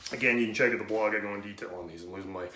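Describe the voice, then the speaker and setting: A bright, forceful-sounding man rambles through a casual how-to with plenty of profanity, cutting himself off mid-sentence and running short of breath. He is recorded in a roomy, echoey space with a faint hiss behind him. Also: on the low side, rapid-fire. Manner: rambling, profane, self-interrupting. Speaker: home brewing video host.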